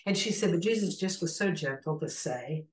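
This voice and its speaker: Speaking at normal speed in a voice on the low side, a woman recounts a story during a conversational interview, bringing its people to life. She leads an inner healing ministry, and the room gives her voice an echo.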